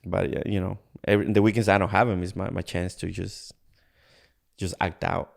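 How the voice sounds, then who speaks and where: An earnest man from Ecuador tells his own story as a podcast guest. His voice sits low and carries a gravelly, rough edge. He talks in a candid, halting way and acts out past conversations as he goes. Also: level tone. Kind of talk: candid personal storytelling in an interview.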